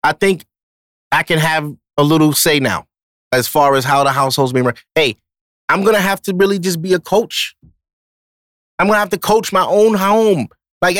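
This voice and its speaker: Podcast host, male, slightly raised pitch, blunt and profane, casual monologue, dry close sound. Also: fairly even intonation, moderate pace, pauses often, fairly bright tone, no echo.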